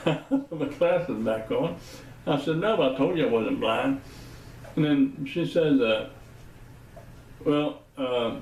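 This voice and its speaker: A man's voice: mid-range voice, unhurried, long pauses, darkish tone, slight background noise. A man, telling funny stories casually and laughing often. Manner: laughs often, teasing, folksy. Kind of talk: casual storytelling. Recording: roomy, slightly distant mic.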